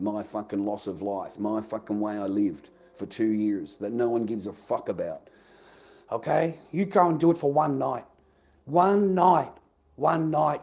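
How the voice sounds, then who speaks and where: This heated livestream rant comes from an Australian man whose voice is lowish and mellow. He curses at his viewers and keeps circling back to the same lines.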